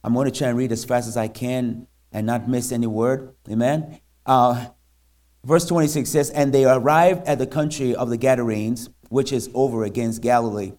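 A man preaching as a missionary in a church, halting and full of fillers, then reading scripture aloud. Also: mid-range voice, steady tone, darkish tone. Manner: halting, many fillers and restarts.

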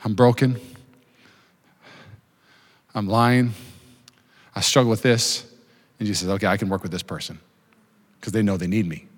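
Fast-talking, jokey pastor preaching in a reverberant hall. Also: male voice, lowish voice. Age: 30s. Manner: fast-talking, jokey, self-deprecating asides. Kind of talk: sermon. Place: church auditorium with live congregation.

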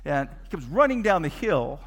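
A man preaching a sermon, retelling a Bible story with lively, animated storytelling and acted-out scenes. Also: on the high side, moderate pace. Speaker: pastor.

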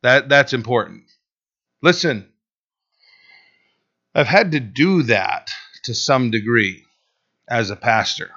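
A male pastor preaching a sermon, swinging between loud and hushed delivery and acting out quotes. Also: mid-range voice, animated, slow, long pauses, lo-fi sound.

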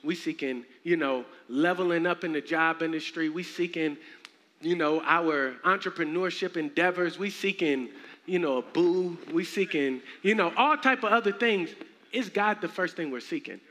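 A young man preaching a sermon in a church, animated and humorous with casual slang. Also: fairly high pitch, moderate pace. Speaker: minister. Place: church sanctuary. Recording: echoey hall, faint noise.

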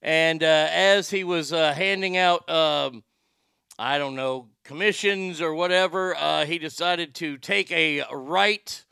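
A man hosting a livestream in a rambling, profane way, his voice a little higher than most men's and edged with gravelly fry. It comes across bright and crisp, recorded close and dry. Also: slow, no echo. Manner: rambling and profane, with frequent restarts. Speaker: livestream host reading viewer chat. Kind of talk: casual livestream chat.

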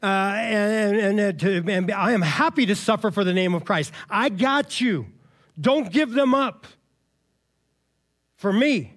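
A man's voice: sits high, unhurried, fairly bright tone, voice pushed up. A man voicing a young male believer who speaks with strong, loving defiance under torture. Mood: steadfast.

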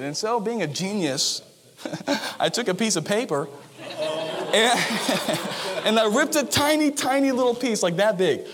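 A young adult male pastor giving a sermon, telling lively stories with playful asides and quick shifts into character voices. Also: sits high.

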